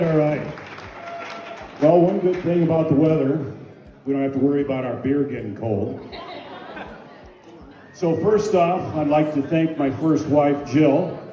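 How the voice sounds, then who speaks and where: A man's voice: on the high side, warm tone. A man in his fifties giving a wedding speech as the groom's father, joking in a dry way. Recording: echoey room.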